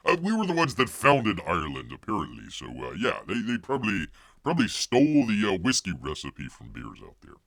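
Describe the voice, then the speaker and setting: Gravelly man rambling on a live stream. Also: fairly low pitch, huge pitch swings, fairly quick, fairly bright tone, dry recording, clean studio sound. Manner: speaks of himself as Bear in third person; rambling, jokey, many fillers and restarts. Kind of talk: casual live stream chat.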